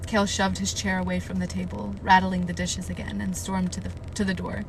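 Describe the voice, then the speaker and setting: A woman reading a novel aloud on a live stream, with steady narration and emotional, gushing asides to her chat. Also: lowish voice, fairly quick, vocal fry, noisy background. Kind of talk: live read-aloud with reactions.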